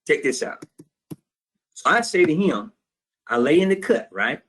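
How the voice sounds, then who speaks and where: High-voiced streetwise man telling a story. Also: animated, a little slow, a bit bright. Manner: streetwise, blunt, profane, quotes both sides of a phone call. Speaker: trading class instructor. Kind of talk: storytelling lecture to students.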